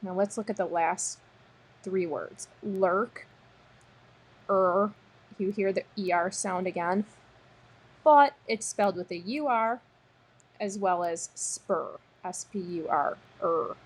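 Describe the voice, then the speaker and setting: A woman teacher leads a recorded spelling lesson, stretching each word out slowly and patiently. Her voice has a soft, breathy edge and sits at an ordinary pitch. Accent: American. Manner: slow, patient, sounds out words.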